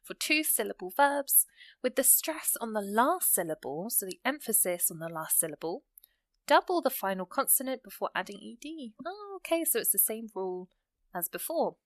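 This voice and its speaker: A woman teaching an English grammar lesson, explaining rules step by step and reading out example sentences slowly. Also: a little high, very animated, no echo.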